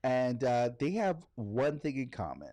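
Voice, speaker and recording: A man's voice: mid-range voice, measured pace. A middle-aged man co-hosting a podcast in casual chat, laughing often as he talks. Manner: laughs often, lively delivery. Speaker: podcast co-host.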